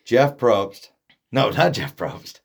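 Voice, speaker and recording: A man in the middle of an ordinary pitch range co-hosts a laid-back podcast, drifting between jokes and half-finished thoughts. He is from Oregon and keeps a loose, rambling chat going as he talks. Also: sing-song, slow pace, vocal fry, husky. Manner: rambling, joking, trails off mid-sentence. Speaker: podcast co-host. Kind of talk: casual chat.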